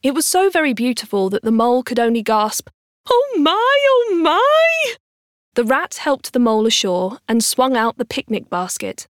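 A woman's voice: on the high side, lively intonation, a little fast, few pauses, no echo, clean studio sound. Woman reading a storybook aloud.

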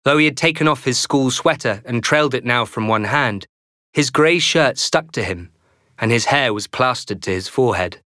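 Man reading a book out loud, bouncy lively pitch, super dry close sound. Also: normal speed, dry recording. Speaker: audiobook narrator. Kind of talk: scripted narration.

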